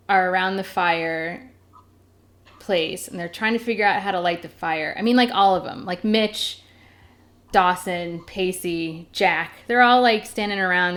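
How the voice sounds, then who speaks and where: A woman's voice: on the low side, fairly bright tone. A woman co-hosting a podcast, chatting casually as she recaps a TV episode and often laughs. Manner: laughing, retelling scenes with quoted voices. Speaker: podcast co-host.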